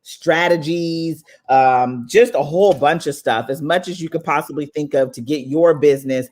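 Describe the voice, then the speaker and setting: A woman's voice: low voice, moderate pace, a little mellow. A woman hosting a live online summit in casual, motivational chat. She sounds affectionate and upbeat, calling listeners "baby" and "y'all". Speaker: summit host.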